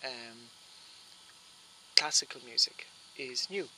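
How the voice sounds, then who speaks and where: A man with a flat Irish accent, explaining at length in an interview, often restarting his sentences. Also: medium pitch, takes it slowly, background noise. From Ireland. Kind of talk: interview answer.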